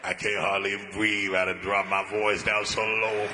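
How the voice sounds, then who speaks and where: A middle-aged man preaching a sermon at a large event on a stage microphone, with a rhythmic delivery that builds to shouted, sing-song cadences and drops into playful folksy asides. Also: fairly low pitch, little pitch movement, normal speed, noisy background.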